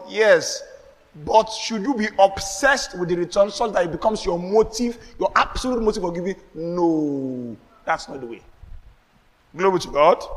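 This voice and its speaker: A man with a Nigerian accent, preaching a sermon as pastor, animated, slipping into pidgin asides and laughing. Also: high voice, big-room sound. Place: church.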